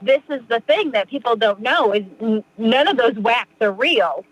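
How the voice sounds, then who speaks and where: A woman's voice: on the high side, animated, normal speed, no room sound, lo-fi sound. A woman in her thirties from Massachusetts, a podcast guest chatting casually about her recovery, rambling with lots of "you know" and restarts. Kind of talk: casual interview talk.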